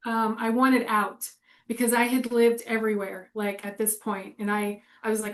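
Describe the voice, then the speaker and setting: A woman's voice: fairly high pitch, fairly even intonation, normal speed. A woman in her forties chatting casually and candidly, rambling and laughing often. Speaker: co-host. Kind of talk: casual chat.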